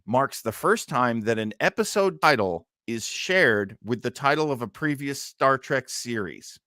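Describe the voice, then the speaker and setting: A male podcast host who eagerly shares nerdy trivia in casual chat. His average-pitched voice rises and falls widely, and the sound is close and dry. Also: lively intonation, a little slow, hardly any pauses, pushed and bright, no echo. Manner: enthusiastic, self-described nerdy, shares trivia.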